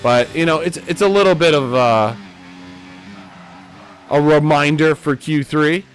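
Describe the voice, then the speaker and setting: A man giving live commentary on a sim race, a bit tipsy, swinging from low mutters to loud excited calls. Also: a little slow, soft background music.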